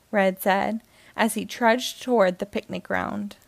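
Slow, expressive woman reading to kids. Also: mid-range voice, gravelly, dry recording. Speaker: host and reader. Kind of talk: reading a children's book aloud.

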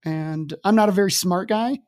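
Candid man telling a story, high-pitched. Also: moderate pace, a little mellow. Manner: casual, candid, with wry self-deprecating humor. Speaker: podcast guest.

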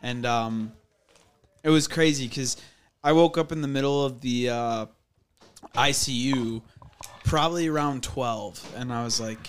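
A man's voice: medium pitch, a little slow, long pauses, clear, resonant tone. A young man, a podcast guest, telling a profane story loosely and full of fillers. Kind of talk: casual storytelling. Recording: audible background noise.

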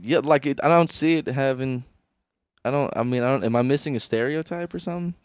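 A man's voice: medium pitch, fairly quick, clear, resonant tone, dry recording, clean studio sound. A young man co-hosting a podcast, goofing around with crude jokes. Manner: goofy, lively joking. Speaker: podcast co-host. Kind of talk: casual podcast banter. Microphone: close podcast microphone.

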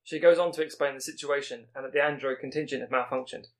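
A man reading out a scripted plot pitch as a podcast co-host, with small slips as he goes. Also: steady tone. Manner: brisk storytelling read with small slips.

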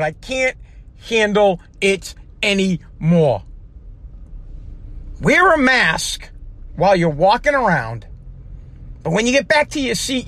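High-voiced man ranting angrily in a car. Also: sharp tone. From United States. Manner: aggravated, profane ranting with frequent restarts. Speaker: podcast host. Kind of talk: ranting solo podcast. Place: in a parked car.

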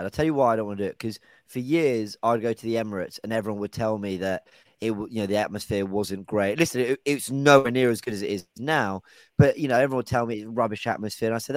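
A man's voice: fairly low pitch, no room sound. A man hosting a casual football podcast, chatting and handing questions to his co-hosts. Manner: chatty, hands the floor to others. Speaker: podcast host.

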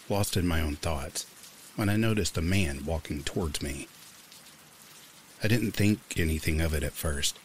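A man narrating creepy true stories in a calm, steady storytelling manner. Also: low voice, slight background noise.

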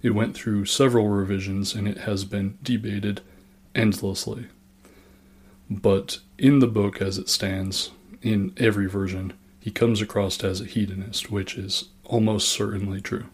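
A man's voice: lowish voice, flat delivery, measured pace, husky. A man narrating history from a script, with dry, sarcastic asides.

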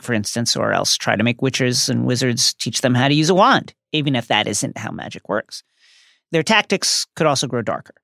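A podcast co-host with a creaky, fairly bright voice reads book passages with hammy, theatrical flair and big swings in pitch, between bits of casual chat. The studio sound is clean, with no echo.

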